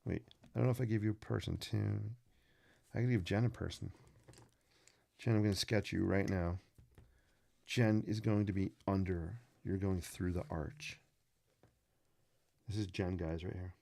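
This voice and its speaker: A man's voice: sits low, steady tone, normal speed, gravelly, pauses often, dark tone. A man hosting a live drawing stream, chatting casually and playfully with viewers and making puns as he sketches.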